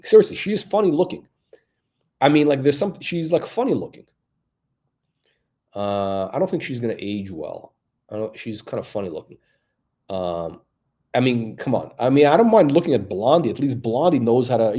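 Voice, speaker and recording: A man's voice: mid-range voice, dark tone. A male watch channel host giving blunt, crude, rambling off-the-cuff commentary.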